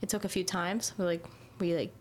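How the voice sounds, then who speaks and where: A woman's voice: on the low side, little pitch movement, a little fast, a little hiss or hum. A woman in casual conversation, talking loosely with lots of fillers and casual swearing. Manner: rambling, heavy use of "like", swears casually. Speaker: dog owner in casual conversation. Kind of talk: casual chat.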